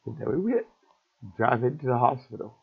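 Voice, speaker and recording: Middle-aged man, husky and raw, telling a painful story in fits and starts; muffled lo-fi recording. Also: mid-range voice, sing-song. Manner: halting, repetitive, raw. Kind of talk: emotional personal story. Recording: dull lo-fi recording.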